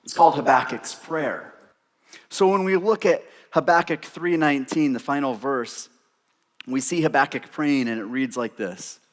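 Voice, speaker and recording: A man's voice: mid-range voice, moderate pace. A young adult man preaching a sermon, telling stories and slipping in playful self-mocking asides. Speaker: pastor.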